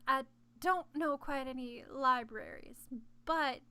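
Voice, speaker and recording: A woman voicing a male human city guard who is halting, apologetic and blunt. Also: high voice, sharp tone, smooth, full character voice.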